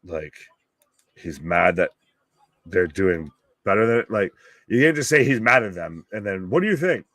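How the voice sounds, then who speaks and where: A man's voice: low-pitched, expressive, a little slow, long pauses, fairly bright tone, no echo. A man hosting a live reaction stream, joking, swearing freely and laughing at his own lines. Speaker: host of a live wrestling watch-along stream. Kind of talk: casual live reaction chat.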